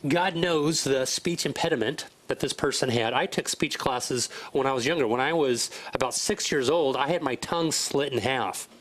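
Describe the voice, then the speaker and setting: A man co-hosting a faith talk show in earnest, fast bursts, repeating his points. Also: medium pitch, fairly bright tone, poor audio. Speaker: co-host. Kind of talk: casual talk show chat, preachy.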